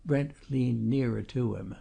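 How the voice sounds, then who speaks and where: A man reads a classic novel aloud in steady, measured narration. His voice is dark and heavily gravelly, with a husky edge. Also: mid-range voice. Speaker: audiobook narrator. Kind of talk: scripted narration.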